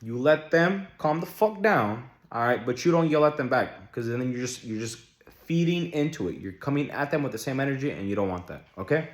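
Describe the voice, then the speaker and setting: A young man talking straight to the camera in a casual vlog, blunt and heavy on profanity. His pitch swings widely as he hammers home his points with questions. The sound carries a roomy echo. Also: expressive, fairly quick. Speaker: vlogger. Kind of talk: casual relationship-advice vlog. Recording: echoey room.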